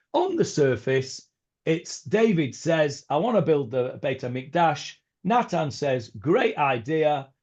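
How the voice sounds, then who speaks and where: A man teaching a Bible class as a rabbi, talking informally with many fillers and restarts and mixing in Hebrew verses. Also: on the high side. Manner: mixes in Hebrew words and verses. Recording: dull lo-fi recording.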